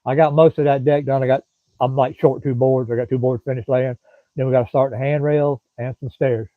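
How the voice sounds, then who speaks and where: A man's voice: mid-range voice, steady tone, fairly quick, dry recording. Folksy Southern man chatting on a tinny line. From Florida. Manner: rambling, folksy, drawling, chats to commenters by name. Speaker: livestream host. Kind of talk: casual live-stream chat with viewers. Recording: dry, thin phone-like sound.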